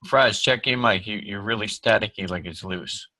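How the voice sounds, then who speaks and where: A man with a lowish voice gives short, blunt remarks over a video call. His line is buried under loud static and clicks. He sounds plain and matter-of-fact. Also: moderate pace. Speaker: team member on the call.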